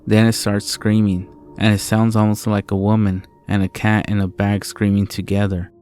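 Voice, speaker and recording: A man narrating a first-person horror story in a low, steady storytelling manner, swearing often. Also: moderate pace, clear, resonant tone.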